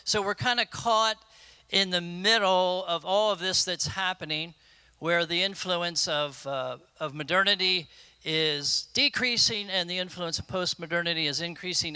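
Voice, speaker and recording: Bright, crisp man giving a halting conference talk. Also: high voice, dry recording. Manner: halting, many restarts and fillers. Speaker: conference speaker. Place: conference room.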